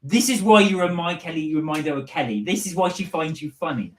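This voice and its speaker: A man's voice: a little high, fast talker, roomy sound. A man co-hosting a casual live stream from home, chatty and laughing often as he reads out viewer comments. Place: home, indoors.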